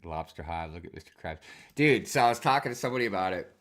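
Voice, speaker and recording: A man ranting in a casual stream monologue, swearing a lot and telling work stories with animated, heated delivery. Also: low-pitched, fast. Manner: profane, animated storytelling with frequent swearing and fillers.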